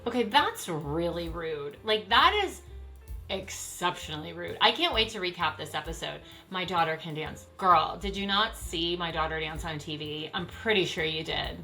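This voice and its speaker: A middle-aged woman chatting casually as she reacts to old clips, sassy and quick to laugh. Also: on the low side, expressive, bright, forceful tone, soft background music. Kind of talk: casual chat.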